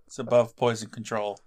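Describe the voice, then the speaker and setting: A man's voice: mid-range voice, a little mellow. Man cracking dry jokes on a podcast. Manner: dry quips, short joking comments. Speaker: podcast co-host. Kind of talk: casual chat recapping a TV episode.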